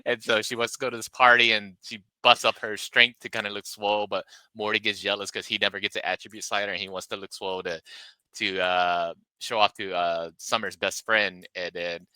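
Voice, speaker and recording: Brassy low-voiced man retelling a plot. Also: level tone, a little fast, bright, forceful tone, clean tone, dry recording, poor audio. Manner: rambling plot retelling, restarts and fillers. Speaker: podcast co-host. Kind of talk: casual review chat.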